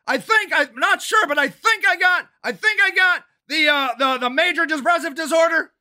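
Older guy, furious profane rant, high strained sharp tone. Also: moderate pace, few pauses. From Ohio, United States. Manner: profane, shouting and agitated. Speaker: city council candidate and activist. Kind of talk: angry monologue rant.

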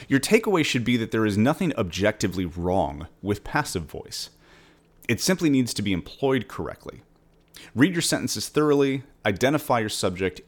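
Male author reading his writing lesson aloud, conversational and measured, a bit low in pitch.

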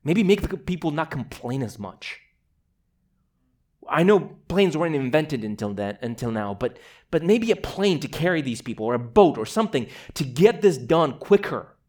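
A man's voice: a little high, sing-song, normal speed, darkish tone. A man from Moldova preaching a sermon in a conversational way, with casual asides and repeated words.

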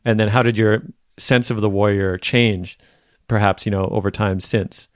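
A man's voice: on the low side, steady tone, normal speed, no echo, clean studio sound. A man hosting a podcast, asking long reflective questions and searching for his words. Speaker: podcast host. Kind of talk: interview questions.

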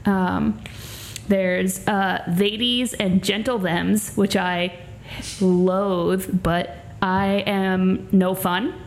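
A woman from co-hosting a podcast, talking in a dry, self-deprecating way with many pauses and ums. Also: mid-range voice, flat delivery. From Long Island, New York. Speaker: podcast co-host. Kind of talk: casual chat.

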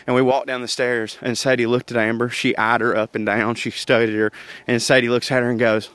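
A man's voice: mid-range voice, little pitch movement, normal speed, fairly bright tone, smooth, dry recording. A man, hosting a podcast and telling family stories in a chatty way, laughing often. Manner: chatty, laughs often, Southern turns of phrase like y'all. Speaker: podcast host. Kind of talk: casual storytelling monologue.

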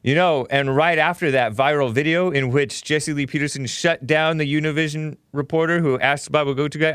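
A man's voice: fairly high pitch, steady tone, a little fast, hardly any pauses, a bit bright, clean tone, no echo, studio quality. A man hosting a call-in talk show, chatting casually, laughing often and reading viewer messages aloud. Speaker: host.

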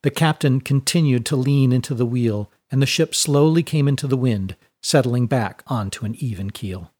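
Husky-voiced male story narrator. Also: mid-range voice. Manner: steady, measured storytelling. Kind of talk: serialized audiobook reading.

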